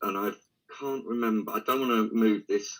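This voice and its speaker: A man's voice: on the low side, steady tone, moderate pace, poor audio. A man guesting on a live call, chatting casually and cutting in with cheeky jokes. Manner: cheeky interrupter, joking.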